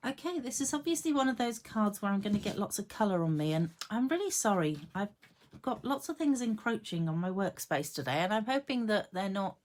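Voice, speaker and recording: A woman's voice: medium pitch, lively intonation, fairly quick, a little mellow. A woman demonstrating card making in a casual tutorial at her home craft desk, chatting to herself and her tools and laughing at her own jokes.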